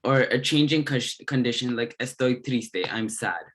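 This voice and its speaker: A man tutoring a grammar lesson, explaining step by step in a deliberate way with occasional fillers and restarts. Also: mid-range voice.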